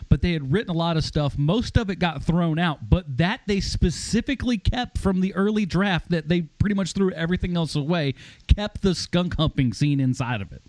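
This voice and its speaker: A man's voice: a little high, moderate pace, darkish tone, dry recording. A man co-hosting a movie podcast, telling stories in a chatty way and laughing at his own jokes. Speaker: podcast co-host. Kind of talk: casual movie review chat.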